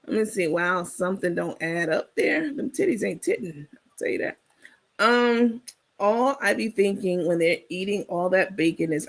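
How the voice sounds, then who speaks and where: A woman's voice: medium pitch, animated, moderate pace, vocal fry. A woman hosting a casual livestream, talking bluntly and sassily, cursing freely and laughing often. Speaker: livestream host.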